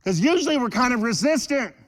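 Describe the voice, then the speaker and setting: A man preaching a sermon in church, animated and joking with the congregation. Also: extremely high pitch, fast talker, big-room sound. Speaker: pastor.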